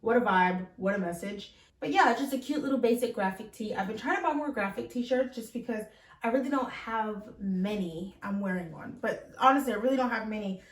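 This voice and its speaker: Medium in pitch and brisk in pace, a young female fashion vlogger talks through a try-on haul in a bubbly, casual way packed with fillers. The recording is roomy and distant since she speaks from across the room.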